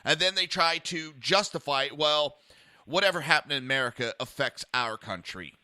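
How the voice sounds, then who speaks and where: A man's voice: a little high, lively intonation, normal speed, bright, forceful tone, no echo. A man hosting a political talk podcast, heated and ranting, often stammering as he restarts. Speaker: podcast host.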